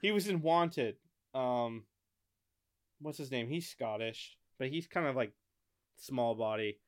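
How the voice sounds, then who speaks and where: An American man co-hosting a podcast in casual chat, rambling, thinking out loud and swearing often. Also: medium pitch, animated, takes it slowly, smooth. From United States. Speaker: podcast co-host.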